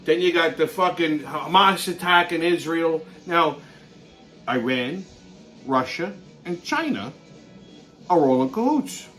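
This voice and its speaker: A man's voice: a little high, expressive, takes it slowly, long pauses, fairly bright tone, soft background music. A man hosting his show, ranting bluntly in a heavily profane monologue and laughing through his own stories. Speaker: show host.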